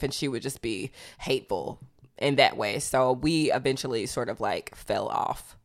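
A young woman co-hosting a podcast, chatting casually and telling animated stories full of fillers. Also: deep voice, normal speed. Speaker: podcast co-host. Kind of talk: casual chat.

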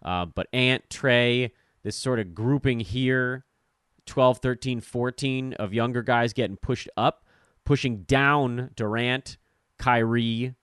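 A man in his thirties hosts a podcast of casual fantasy basketball commentary, rambling and poking fun at himself. His medium-pitched voice is fairly even, slow and a bit bright. The tone is clean, with clean studio sound and no room sound.

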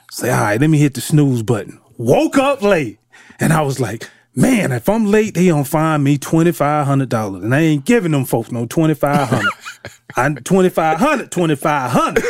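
Ex-football player, a man with a slightly higher voice, dry close sound, laughing storyteller. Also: no room sound. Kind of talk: casual chat, storytelling.

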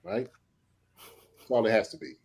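A man's voice: moderate pace, a little mellow, low-quality recording. A man, a former pro football player and special teams coach, gives passionate podcast commentary from home. He lectures in an impassioned way and keeps asking "okay?".

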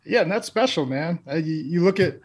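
Male podcast co-host, husky voice, easygoing chat, laughs often. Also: fairly high pitch, lively intonation, brisk. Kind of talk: casual sports podcast chat.

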